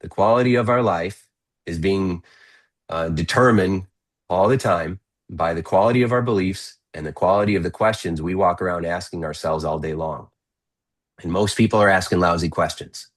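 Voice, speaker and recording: A man speaking as a podcast guest, giving energetic, persuasive coaching advice in a conversational way. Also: sits low, moderate pace. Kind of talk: podcast interview talk.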